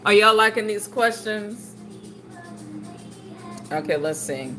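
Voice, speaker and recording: A woman's voice: medium pitch, takes it slowly, over music. A young woman, hosting a home livestream, reading viewer comments and joking around in casual chat. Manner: animated, joking, playful put-on voices. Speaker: livestream host.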